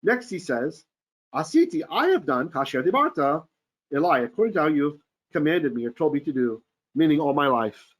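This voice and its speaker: A man's voice: fairly high pitch, sing-song, moderate pace. A man teaching a verse-by-verse Torah class, reading Hebrew aloud and then explaining it eagerly, often checking in with his listeners.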